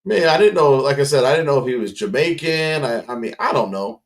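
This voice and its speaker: A man's voice: medium pitch, animated, a little fast. A man hosting a livestream, chatting casually and rambling through stories. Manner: rambling, storytelling with restarts. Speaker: livestream host. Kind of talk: casual chat.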